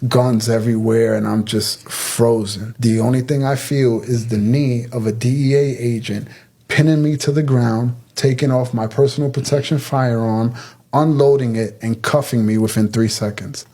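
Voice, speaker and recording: A man telling a story in a fast, dramatic way, acting out the quotes. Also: medium pitch, fairly even intonation, dark tone, slightly rough. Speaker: storyteller recounting his arrest. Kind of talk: casual storytelling.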